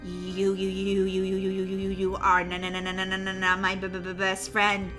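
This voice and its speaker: A woman's voice: mid-range voice, monotone, fairly quick, a bit bright, soft background music, pitched below the performer's own voice, natural voice. A woman voicing an evil female android babysitter who stutters and repeats syllables as she glitches. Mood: glitching. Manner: stuttering robotic repetitions.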